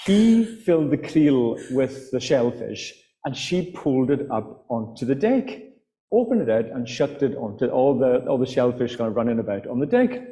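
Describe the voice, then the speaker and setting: A Scottish man from the Outer Hebrides spins stories on stage, hesitating with fillers and restarts. His voice is mellow and warm, carried by a live mic into a long-echoing hall. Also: mid-range voice, very animated, normal speed. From Outer Hebrides, Scotland. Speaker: author and guest speaker. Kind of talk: storytelling talk to a live audience. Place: festival hall.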